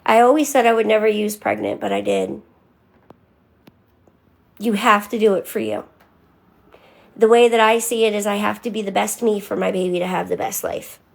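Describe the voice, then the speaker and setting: A woman's voice: mid-range voice, fairly even intonation, moderate pace, gravelly, long pauses. A young woman talking candidly on a live stream, answering viewers by name in casual chat.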